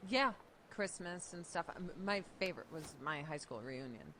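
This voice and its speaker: A woman of about thirty from Chicago with a Chicago accent, a guest telling stories in a casual, profane, animated way. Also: lowish voice, moderate pace, slight background noise. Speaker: guest, streamer. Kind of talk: casual podcast chat.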